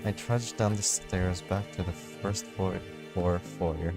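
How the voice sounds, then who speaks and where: A man's voice: low-pitched, fairly even intonation, slow pace, over music. A man reading a first-person visual novel story aloud, casually, with slips and restarts.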